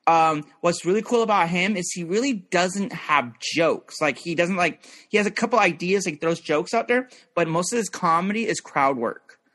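Young male podcast guest, rambling and loose, voice on the higher side. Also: lively intonation, moderate pace, fairly bright tone. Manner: rambling, filler-heavy, restarts often. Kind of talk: casual chat.

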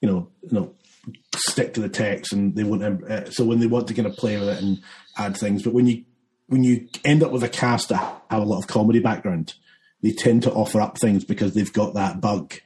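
A man, a filmmaker talking through his film in a relaxed interview, rambling with many fillers and restarts. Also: lowish voice, a little fast, a little hiss or hum, poor audio. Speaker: filmmaker guest. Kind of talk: casual interview chat.

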